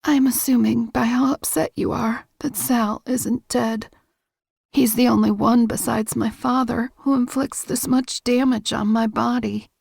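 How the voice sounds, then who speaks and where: A woman's voice: on the high side, steady tone, unhurried, vocal fry, a little mellow, husky, no room sound, studio quality, full character voice. A woman voicing a frightened young woman in an audiobook, anxious and pleading. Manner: pleading, anxious, slightly raised. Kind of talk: audiobook character voice.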